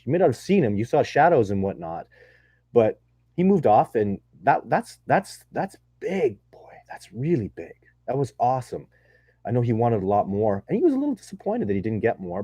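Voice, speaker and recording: Man, low voice, husky, dry close sound, rambling enthusiastic chat. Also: warm tone, no echo. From not from Texas. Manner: rambling, enthusiastic, many restarts. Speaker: Sasquatch researcher answering viewer questions. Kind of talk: casual live Q&A chat.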